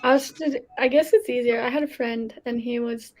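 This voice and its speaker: A woman's voice: on the high side, steady tone, brisk, faint music behind. A woman co-hosting a casual livestream, playful and teasing, giggling often. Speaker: stream co-host. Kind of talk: casual live chat.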